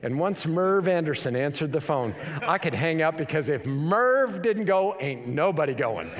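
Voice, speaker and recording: A man's voice: on the high side, animated, moderate pace. A man from Colorado preaching a sermon, mixing casual storytelling with emphatic preaching. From Colorado, USA. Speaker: pastor. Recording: long hall reverb.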